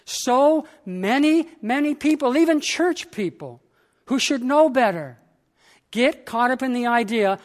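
A male pastor preaching with a high voice and an unhurried, deliberate delivery. He leans on each phrase with dramatic pauses. His words ring out with a long church-hall reverb. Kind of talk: sermon.

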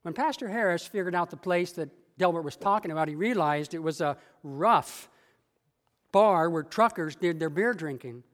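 A male pastor delivering a story sermon in a church with a measured, dramatic storytelling manner. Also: a little high, expressive, fairly bright tone, long reverb tail.

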